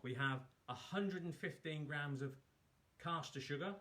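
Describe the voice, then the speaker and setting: A man hosts a live cook-along, talking viewers through each step in a casual demo while poking fun at himself. His fairly high voice is measured in pace, pushed and bright, with a little hiss or hum.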